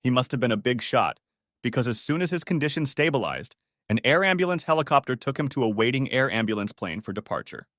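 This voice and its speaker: A man's voice: medium pitch, fast, dry recording. Man with a dry, close voice reading a story. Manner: steady storytelling, first person. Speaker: narrator. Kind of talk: scripted audiobook narration.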